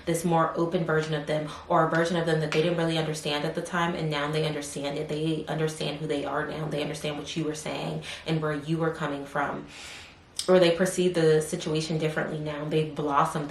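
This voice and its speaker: A woman with a low, steady, fairly flat voice gives a casual tarot reading, rambling with lots of fillers and murmuring questions to spirit under her breath. She sounds like she is in a roomy space with a bit of echo and a faint hiss behind her. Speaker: tarot reader.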